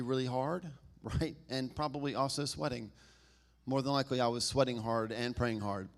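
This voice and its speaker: Southern pastor guy, chatty sermon, cracks jokes, keeps saying right?, punches some lines loud. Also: medium pitch. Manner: conversational and humorous, laughs and asks "right?"; swings from loud emphasis to quiet asides.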